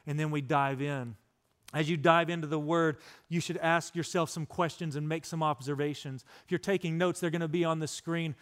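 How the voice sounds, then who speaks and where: Smooth high-voiced man preaching. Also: fairly even intonation, moderate pace, fairly bright tone. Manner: conversational storytelling, acting out friends' lines. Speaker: pastor. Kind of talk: sermon.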